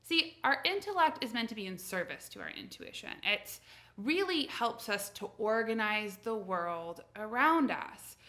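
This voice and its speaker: Young woman from the US, intuition coach, casual chatty vlog delivery, bright voice, animated storyteller. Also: on the high side, unhurried. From United States. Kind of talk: casual talk to camera.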